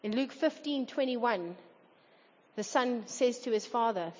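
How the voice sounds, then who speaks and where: A woman's voice: fairly high pitch, expressive, unhurried. A woman preaching a sermon to a congregation in an earnest tone, sometimes acting out quoted voices. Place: church hall. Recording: dull reverberant hall recording.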